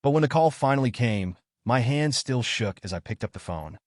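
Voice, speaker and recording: A man narrating a first-person story in a dramatic, expressive way. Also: medium pitch, moderate pace, no echo, studio quality.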